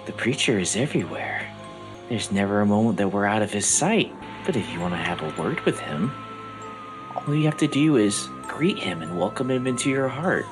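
A man voicing a calm, devoted male cult follower who speaks in a hushed way. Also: fairly low pitch, moderate pace, over music. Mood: serene.

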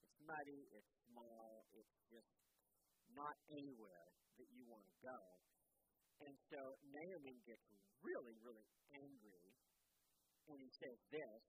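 A man preaching, retelling a Bible story in an animated, conversational way and asking his audience questions. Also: medium pitch, normal speed, pauses often, background noise. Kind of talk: storytelling sermon.

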